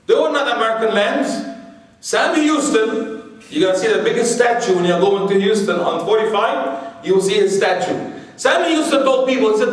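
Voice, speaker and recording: Animated and at normal speed, a high-voiced Islamic lecturer talks religious history to a live audience in a big room. His style wanders, peppered with "you know" and rhetorical questions, and the distant mic picks up heavy hall echo.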